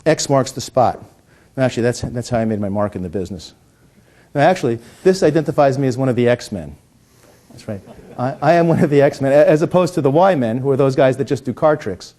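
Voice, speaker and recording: With a dark tone at medium pitch, a middle-aged man performs a coin trick amid jokes and wordplay, afterward explaining it. He stammers and keeps restarting his words.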